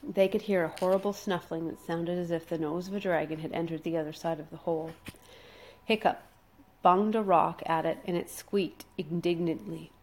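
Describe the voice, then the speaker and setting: A woman reading a children's adventure story aloud, dramatic and slowing down for suspense. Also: lowish voice, steady tone, a little hiss or hum. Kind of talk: expressive storybook read-aloud.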